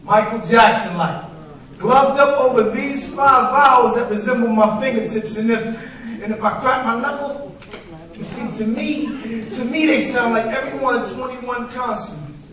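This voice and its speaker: A man's voice: very high-pitched, normal speed, bright, forceful tone. A man performing spoken word poetry at a live open mic, with a rhythmic, emphatic delivery into a stage microphone. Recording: very echoey room from far off, faint noise.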